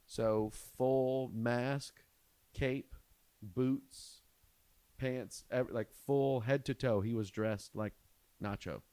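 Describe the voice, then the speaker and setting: A man in his thirties, a comedian hosting a podcast, telling a profane family story in an animated way. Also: medium pitch, very slow, clear, resonant tone, no room sound. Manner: animated, profane, rising to shouts at the punchlines.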